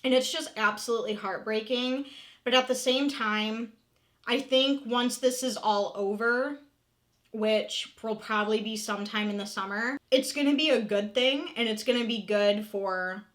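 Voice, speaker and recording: A woman in her thirties speaking in a slightly high voice, chatting straight to her viewers in a raw, confessional vlog. She talks openly and emotionally, swears freely and leans on "like" between thoughts. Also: moderate pace, a bit bright. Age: 30s. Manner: candid, emotional, swears freely, many "like" fillers. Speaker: vlogger. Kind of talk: casual confessional vlog chat.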